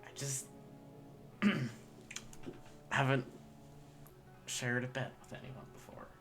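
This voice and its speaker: Gm doing a shy awkward young guy, soft and halting, mid pitch. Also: faint music behind. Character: bashful young man, shy about closeness. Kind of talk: tabletop role-play.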